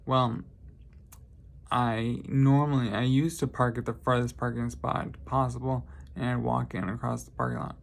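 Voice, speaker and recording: A man's voice: mid-range voice, little pitch movement, normal speed, gravelly. A man vlogging, telling casual stories in a rambling, lighthearted way and often correcting himself. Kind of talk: casual storytelling monologue.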